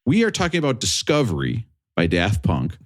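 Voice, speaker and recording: A man's voice: fairly low pitch, normal speed. A man hosting a podcast, chatting casually and joking with friends. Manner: animated, laughs while joking. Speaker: podcast host.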